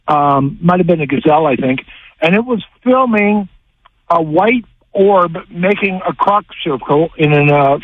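A man's voice: a little high, dry recording. A man from Canada calling in to a radio show, rambling hesitantly with many fillers. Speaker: caller. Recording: tinny phone line.

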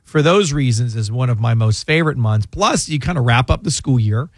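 A man's voice: mid-range voice, expressive, brisk, no room sound. A man hosting a casual radio talk show from a studio, rambling with lots of restarts and side stories. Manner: rambling, with many restarts and asides. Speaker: radio show host and lawyer. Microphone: close studio microphone.

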